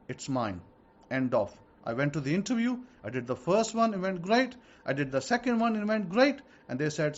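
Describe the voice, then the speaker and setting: Man, rabbi sermon, emphatic, repetitive, slightly high pitch, dull recording. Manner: emphatic, repeats key statements. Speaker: rabbi teacher.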